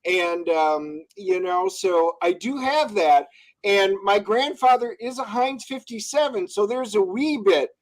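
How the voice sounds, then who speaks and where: A man's voice: high voice, lively intonation, measured pace, poor audio. A man chatting as a guest on a casual stream, laid-back and rambling, with dry humor. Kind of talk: casual live-stream chat.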